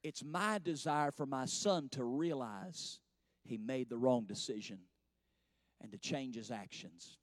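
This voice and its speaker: A man's voice: medium pitch, a little slow, dry recording, studio quality. A man, preaching a sermon in a church with folksy storytelling that rises to fervent passages.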